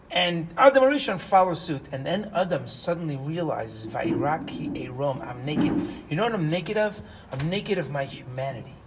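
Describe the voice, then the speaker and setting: Animated male Torah lecturer. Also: a little high, slight background noise, low-quality recording. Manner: rhetorical questions, shifts between loud emphasis and hushed asides. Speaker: rabbi teaching Torah.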